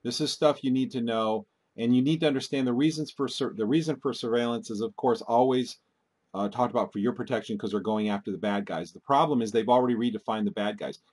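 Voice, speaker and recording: A man's voice: medium pitch, fast talker, darkish tone. A man hosting his own video commentary, talking urgently and warning his viewers, often breaking off and restarting words. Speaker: video host. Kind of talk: casual commentary.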